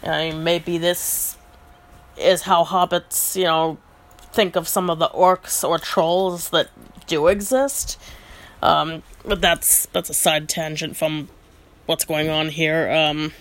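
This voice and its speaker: A woman reading a story aloud, stopping for thoughtful asides and filling pauses with frequent ums. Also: low-pitched, level tone.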